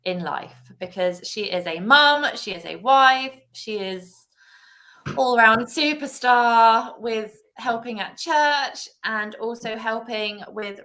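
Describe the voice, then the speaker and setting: A woman's voice: a little high, pushed and bright. A woman hosting a casual church livestream chat, bubbly and laughing often. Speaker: host. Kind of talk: casual live-stream chat.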